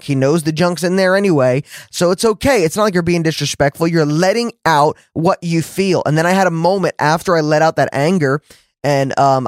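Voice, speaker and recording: A man hosting a faith podcast, teaching in an earnest, conversational way and acting out his own words with lively shifts. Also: on the high side, dry recording, studio quality. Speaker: podcast host and preacher.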